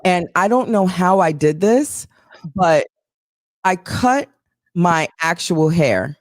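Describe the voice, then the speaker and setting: A woman co-hosting a casual live-stream show, venting in an irritated way and swearing freely on a boom mic at home. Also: expressive, slow, no echo, studio quality. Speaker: co-host.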